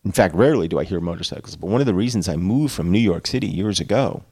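A man chats through his thoughts on a classic novel with sarcastic, slangy asides. His voice is low-pitched, and it sounds dry and close to the mic. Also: lively intonation, fast talker, mellow, breathy edge, no echo. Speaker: book reader and commentator. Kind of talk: casual commentary on a classic novel.

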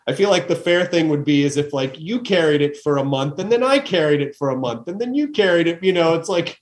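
A man's voice: on the high side, a little mellow. A man hosting a podcast interview, chatting casually and rambling with frequent laughs. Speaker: podcast host.

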